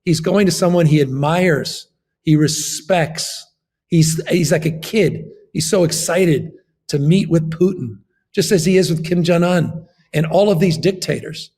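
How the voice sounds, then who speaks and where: A man's voice: a little high, a little slow, a little mellow. A man, a governor, giving an impassioned political interview, emphatic and fond of repeating his phrases.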